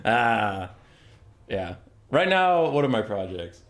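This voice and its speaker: A man's voice: on the low side, sing-song, takes it slowly, a bit bright. A young man chatting casually while he streams a game, loose and joking, swearing freely.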